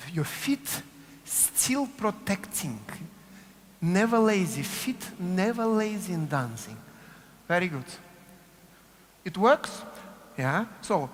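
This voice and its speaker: A man with a Russian accent leads a dance class, calling out movement cues in a slow, sing-song way, his pitch rising and falling widely. He keeps checking in with the group as he coaches. His voice rings with the long reverb of a big studio, with faint room noise underneath. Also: a bit bright. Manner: coaching rhythmically, repeats cue words, asks "yes?" often. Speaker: dance teacher. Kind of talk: dance workshop instruction.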